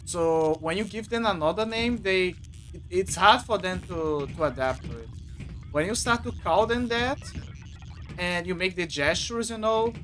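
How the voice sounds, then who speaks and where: A man's voice: sits high, moderate pace, a bit bright. A man streaming a video game, chatting casually and rambling with lots of restarts and fillers. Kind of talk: casual gameplay commentary.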